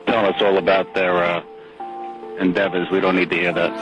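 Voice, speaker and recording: A man's voice: sits low, level tone, fairly quick, muffled recording, over music. A man working as an air traffic controller, giving clipped, firm radio instructions.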